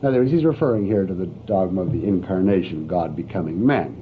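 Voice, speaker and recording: A man's voice: sits low, fast. A man giving a university philosophy lecture in an emphatic, wry manner. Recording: tinny, lo-fi archival lecture tape with faint hiss.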